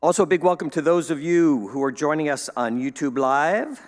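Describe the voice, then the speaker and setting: A man's voice: on the high side, lively intonation, normal speed. Male church host, cheerful announcer with jokey asides, reverberant sanctuary. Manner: upbeat, playful, joking asides. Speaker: service host giving welcome and announcements.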